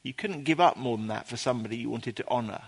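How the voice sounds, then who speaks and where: A man preaching a sermon to a congregation in an earnest, explaining way, sometimes pausing with ums and restarting his sentences. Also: medium pitch, creaky, slightly rough, in a large hall. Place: church before a congregation.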